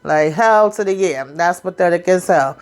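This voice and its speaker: A woman's voice: lowish voice, normal speed. A woman giving a casual, sassy recap of a TV episode, blunt and swearing freely as she comments.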